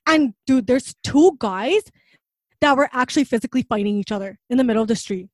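A young woman with a high voice tells a story in relaxed chat, full of fillers and acted-out quotes. The sound is dry and close, with no room echo. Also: a little fast. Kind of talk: casual chat.

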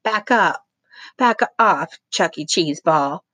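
A brash, feisty older woman mascot huffs and pleads in a raised, bright voice, as a woman reading aloud puts her on. The sound is close and dry, a storybook voice full of bluster. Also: lowish voice, expressive, slow, no echo, full character voice. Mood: huffy.

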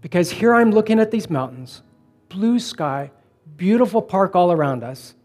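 A man's voice: sits high, faint music behind. Middle-aged male pastor, conversational sermon. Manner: relaxed storytelling, slowing for emphasis.

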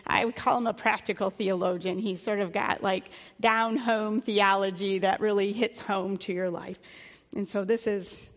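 A woman's voice: mid-range voice, fairly even intonation, normal speed, big-room sound. A woman pastor giving a sermon in a conversational, plain-spoken way, with the odd filler.

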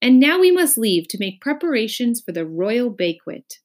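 A woman's voice: on the high side, sing-song, normal speed, a little mellow, pitched above the performer's own voice. A woman voicing a know-it-all male count in a storybook reading, with an emphatic, lecturing delivery. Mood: cautioning.

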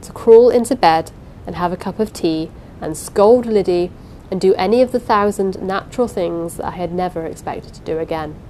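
Woman, audiobook narrator, dramatic suspenseful reading, first-person story, low voice, faint background rumble. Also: moderate pace, mellow, poor audio.

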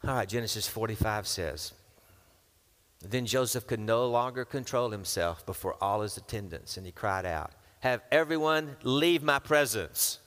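Animated preacher man in a reverberant hall. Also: fairly low pitch, normal speed. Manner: lively, acts out characters with casual modern asides. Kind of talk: sermon with Bible reading.

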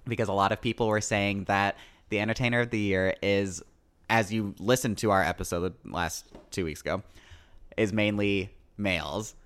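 A podcast co-host chats casually in an upbeat, playful way. His voice sits on the low side, slightly bright and clean, with a steady tone at a moderate pace.

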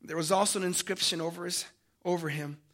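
A man preaching a sermon, dramatic, swinging from loud emphasis to hushed tones and calling his listeners family. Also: high-pitched, fairly even intonation, quick pace.

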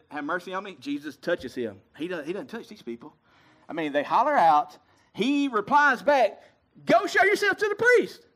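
A high-pitched male preacher delivers a sermon in a loose, conversational way and keeps checking in with the congregation. His voice rings through a roomy, echoing space, picked up by a mic some distance from him. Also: fairly bright tone. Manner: conversational, asks the congregation questions.

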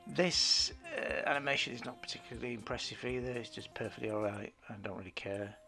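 A man's voice: medium pitch, brisk, creaky, pushed and bright, soft background music. A man co-hosting a podcast, talking about films in a dry, sardonic way. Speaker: podcast co-host. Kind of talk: casual film chat.

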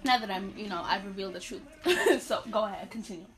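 A woman's voice: medium pitch, fast, fairly bright tone. A woman from Haiti, co-hosting a podcast in casual chat, laughing often and talking while eating. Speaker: podcast co-host.

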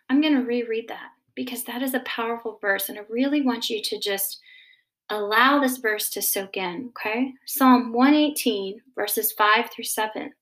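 A woman counselor explaining anxiety gently, often checking in with "okay?", then reading scripture. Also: a little high, a little slow. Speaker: Christian counselor teaching about anxiety. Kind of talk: faith-based teaching talk.

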